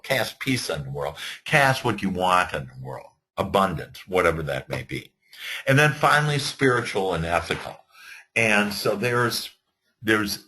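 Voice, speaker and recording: A man giving an earnest motivational talk to entrepreneurs, animated, with frequent fillers and restarts. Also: on the low side, breathy edge. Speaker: motivational speaker. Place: virtual webinar.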